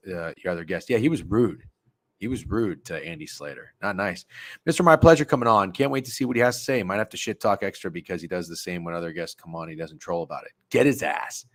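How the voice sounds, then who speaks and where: A young man casually hosting a sports betting livestream, rambling and swearing as he talks to his chat. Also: sits low. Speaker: sports betting stream host.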